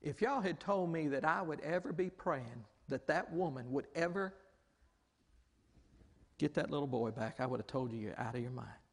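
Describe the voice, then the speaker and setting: Animated pastor in a reverberant hall. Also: male voice, fairly high pitch, moderate pace. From Southern United States. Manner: animated, exclaims often, acts out quoted voices. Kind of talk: storytelling sermon.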